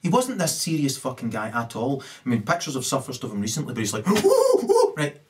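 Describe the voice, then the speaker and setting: A man's voice: mid-range voice, lively intonation, quick pace. A man ranting alone to camera, who keeps tagging "right?" onto his sentences. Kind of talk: rambling solo rant to camera. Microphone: camera mic.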